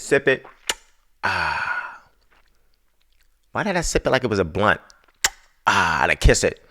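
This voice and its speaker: A man on his podcast, ranting through a story about poor service with lots of swearing. His pitch swings widely and his voice has a bright, forceful edge. He talks loosely and casually, like he is with friends. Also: measured pace. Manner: profane, animated, exasperated storytelling. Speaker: podcast host.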